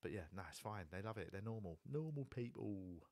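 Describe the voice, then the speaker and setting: A man's voice: fairly low pitch, lively intonation, fairly quick, a little mellow, dry recording. A man hosting a podcast, talking casually and rambling with lots of fillers like "like" and "you know". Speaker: podcast host. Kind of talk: casual chat.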